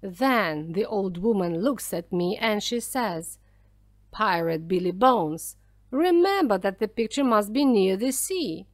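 A proud ghost pirate from a children's storybook holds forth in a loud, slow, drawn-out voice, as a woman puts him on. His lines rise and fall widely. The sound is dry and close. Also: medium pitch, expressive, no room sound. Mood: storytelling.

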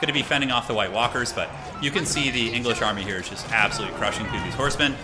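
A man giving casual, excitable live commentary on a strategy game tournament, chatting with his stream viewers as he goes. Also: medium pitch, very fast, music in the background. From United States. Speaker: tournament caster.

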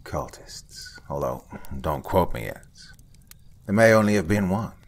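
A man doing a gruff, blunt older forensic investigator. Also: sits low, expressive, a little slow. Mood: curt, lecturing. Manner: blunt, curt, lecturing, some lines whispered.

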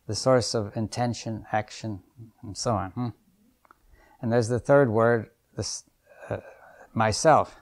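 Older man musing in a low voice. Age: 70s. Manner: thoughtful, musing, keeps checking in with "right?" and "you see"; chuckles softly between points. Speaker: seminar leader. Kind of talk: unscripted seminar lecture.

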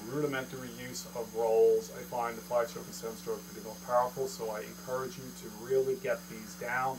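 A man teaching a drum lesson in a casual, joking, self-deprecating way, counting strokes aloud. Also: medium pitch. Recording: noisy room with mains hum and drums.

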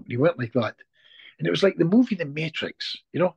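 A man's voice: a little high, animated, a little fast, husky, no echo, lo-fi sound. A Scottish man, a hypnotist guest, telling a moving personal story in conversation and repeating words when he gets emotional. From Scotland.

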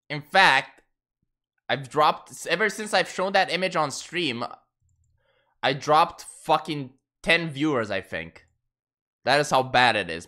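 A male live streamer chatting casually with his viewers, swearing a lot and jumping into shrill outbursts. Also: sharp tone.

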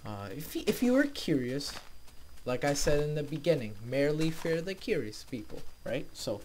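A man's voice: fairly high pitch, very animated, moderate pace, a little mellow, slight background noise. A young man hosting a let's play, casually commenting on his game and talking to his viewers, easily frustrated but upbeat. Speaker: gaming video host.

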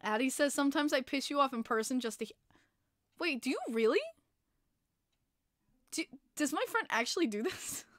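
Excitable New woman hosting a stream. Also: high voice, normal speed, long pauses, no echo, studio quality. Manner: excitable, swears freely, laughs often. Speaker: hockey podcast host. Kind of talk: casual live-stream chat reading viewer comments. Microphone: plugged-in desk microphone.

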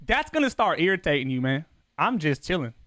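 A man's voice: a little high, very animated, moderate pace, fairly bright tone, no room sound, studio quality. Slangy, profane male gaming streamer. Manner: loose, slangy and profane, voice jumping up when he gets defensive. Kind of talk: casual live-stream chat with viewers.

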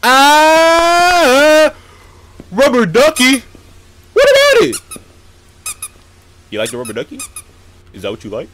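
Excitable young man yelling through a horror game. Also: very high voice, slow pace, long pauses, slight background noise. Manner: excitable, yelling when scared, slangy. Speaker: gaming YouTuber. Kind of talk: horror game let's play commentary. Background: game music.

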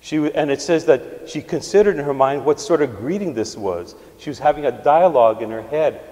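Priest preaching in an echoey church. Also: male voice, on the high side, expressive, mellow. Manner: teaching with pauses and restarts. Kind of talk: sermon.

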